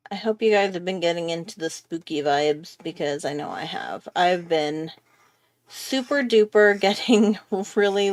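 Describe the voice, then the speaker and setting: A woman hosting a relaxed live drawing lesson, talking her viewers through each step. She rambles in a chatty way, thinking aloud and trailing off as she draws. Her pitch sits in an ordinary middle range. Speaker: art tutorial host. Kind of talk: casual live drawing tutorial.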